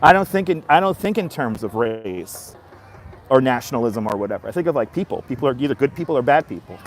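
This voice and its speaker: A man's voice: medium pitch, expressive, quick pace, slight background noise. A man in his fifties with a Brooklyn accent, chatting bluntly on a live stream outdoors and answering viewer comments. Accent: Brooklyn New York. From Brooklyn, New York. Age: 50s. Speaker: livestreamer. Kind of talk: casual live-stream chat. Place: outdoors in a busy seaside city area.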